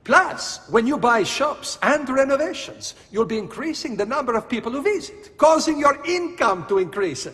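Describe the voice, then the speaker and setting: Businesslike architect, high lively pitch, salesman patter, reverberant game audio. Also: moderate pace, hardly any pauses. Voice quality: wry, salesman-like. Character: brisk, businesslike Italian male architect. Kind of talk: video game dialogue.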